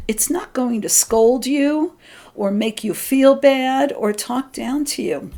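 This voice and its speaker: Middle-aged woman, soft spiritual talk, higher voice but mellow and warm. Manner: gentle, earnest, quotes her inner voice in a lighter tone. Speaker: spiritual teacher.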